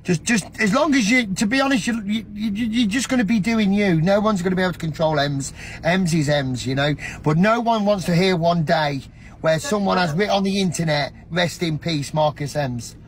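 A man's voice: sits high, brisk, a little hiss or hum. A man on a livestream, earnestly lecturing and pleading with someone in a repetitive, emphatic way.

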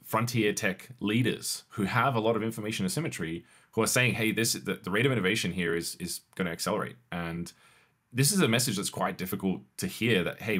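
Co-host, male, low voice, relaxed conversational delivery with restarts and laughter. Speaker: podcast co-host. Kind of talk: casual tech chat.

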